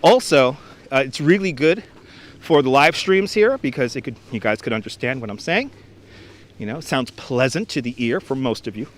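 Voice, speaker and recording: A man's voice: medium pitch, expressive, normal speed. A man hosting a casual outdoor live stream on a wireless clip-on mic, chatting, reading out viewer comments and greeting people by name. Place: outdoors on a frozen beach.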